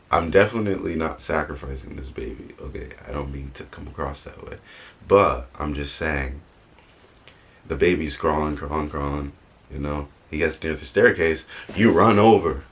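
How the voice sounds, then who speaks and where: Young man, extremely low voice, casual vlog talk, rambling, self-correcting, joking asides. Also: fairly bright tone. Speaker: vlogger.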